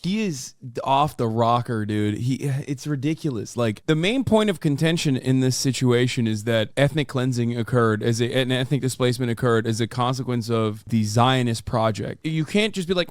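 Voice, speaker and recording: A man's voice: medium pitch, expressive, a little fast, few pauses, no echo, studio quality. A man streaming and reacting to clips, talking casually with profane, mocking disbelief, often mimicking the people he watches.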